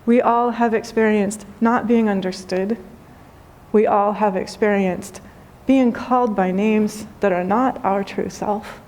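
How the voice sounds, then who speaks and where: Gentle woman telling a teaching story. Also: mid-range voice, fairly even intonation. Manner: gentle, unhurried, softly emphatic, with light laughs. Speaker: spiritual teacher. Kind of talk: spoken dharma talk with storytelling.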